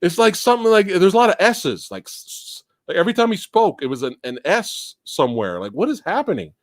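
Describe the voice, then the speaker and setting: Animated man hosting a movie chat. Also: high voice, quick pace, no room sound. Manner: animated, laughs often, rambling asides. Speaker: host. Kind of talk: casual livestream film chat.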